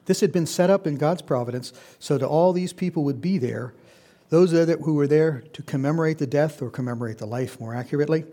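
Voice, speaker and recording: A man's voice: a little high, brisk, few pauses, mellow. A man preaching a conversational Bible-teaching sermon, putting questions to his listeners. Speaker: pastor.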